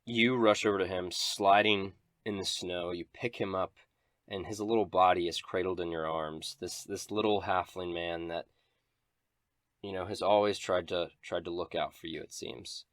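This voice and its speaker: A man runs a tabletop game as game master in a deep, low voice. He narrates scenes in a descriptive, dramatic way. The recording is dry and close. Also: steady tone, normal speed, fairly bright tone, dry recording.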